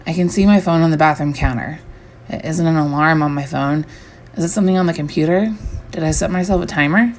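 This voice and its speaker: A woman reading a first-person horror story aloud, measured and slowing down on the eerie lines. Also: low voice, a little hiss or hum. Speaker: story reader.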